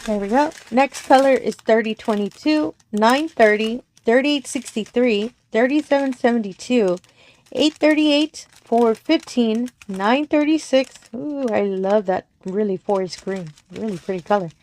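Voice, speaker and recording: A woman's voice: fairly high pitch, measured pace, a little mellow. A woman, casually narrating a crafting unboxing, gushing, giggling and often apologizing. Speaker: crafting channel host. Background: crinkling plastic packaging.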